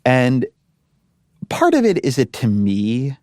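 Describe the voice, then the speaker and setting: A man who once ran a media company, speaking as a guest in a thoughtful, measured way with frequent restarts. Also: mid-range voice, wildly swooping pitch, darkish tone, no room sound, studio quality. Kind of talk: interview conversation.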